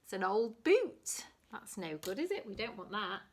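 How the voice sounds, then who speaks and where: A woman teaching a lesson to young children, speaking clearly and encouragingly and counting aloud with them. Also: mid-range voice, sing-song, moderate pace, noisy background. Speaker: nursery teacher.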